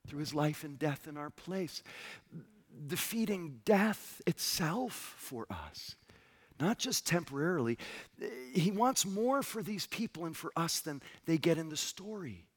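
A man in his forties preaching a sermon as pastor, tender and personal, dropping to a soft hush when quoting. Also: a little high.

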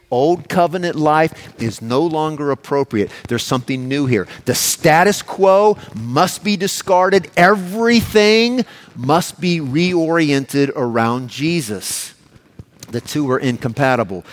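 A man preaching a sermon, emphatic and explanatory, asking the congregation rhetorical questions as he works through a passage verse by verse. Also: mid-range voice.

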